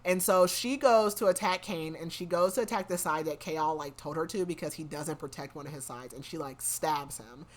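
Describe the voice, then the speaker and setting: A woman's voice: deep voice, moderate pace, few pauses. A woman hosting a podcast, casually recapping a story in a rambling way full of "like". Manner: rambling, fills speech with "like". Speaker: podcast host.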